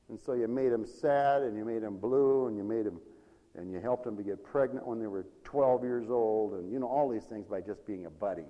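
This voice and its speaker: A man preaching a sermon, animated and laughing often, swinging from loud to soft. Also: lowish voice, fairly quick, big-room sound.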